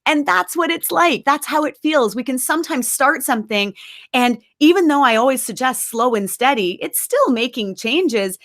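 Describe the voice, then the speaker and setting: A woman giving an encouraging, emphatic webinar talk as a nutrition coach, at times guiding a slow breathing exercise. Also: high-pitched, lively intonation, fairly bright tone.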